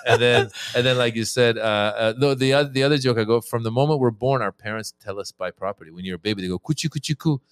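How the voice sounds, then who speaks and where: A man who does comedy, talking on a podcast in an easygoing, middle-pitched voice. He tells stories with lively energy and acts out his bits. The sound is dry and close to the mic. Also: fast, hardly any pauses, clean tone, dry recording. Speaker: comedian guest. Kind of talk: casual podcast chat.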